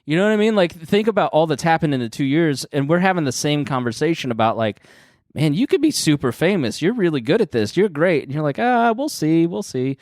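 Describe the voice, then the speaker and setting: A man's voice: on the high side, big pitch swings, fast, a little mellow, dry recording, studio quality. A man co-hosting a comedy podcast, talking earnestly and encouragingly in long run-on points. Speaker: podcast co-host. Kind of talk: casual podcast chat.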